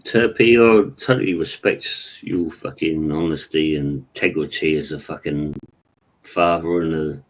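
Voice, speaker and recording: A man, earnest and agreeable, a little halting in casual podcast chat. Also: extremely low pitch. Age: 40s. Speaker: podcast co-host.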